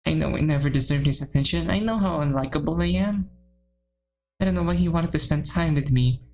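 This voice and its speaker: A woman reading a shy, self-loathing teenage girl in first person, quiet and shaky. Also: sits low, fairly quick, poor audio. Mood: despairing.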